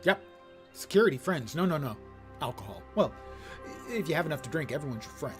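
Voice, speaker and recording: A man's voice: a little high, sing-song, fast talker. An older man chatting wryly to his viewers while he plays a game. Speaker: game streamer. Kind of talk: casual gameplay commentary. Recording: loud game music behind. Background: game music.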